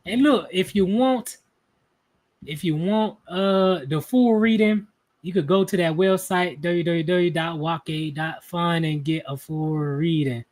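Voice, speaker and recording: High-voiced man rambling on a live stream. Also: steady tone, slow pace. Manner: rambling, profane, thinks aloud and counts out loud. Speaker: live-stream energy reader. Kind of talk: casual live-stream chat.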